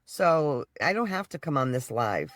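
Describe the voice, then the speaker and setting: A man's voice: a little high, very animated, normal speed, fairly bright tone, no echo. A man on a livestream, defiant and dismissive toward his viewers. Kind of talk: defiant rant to camera.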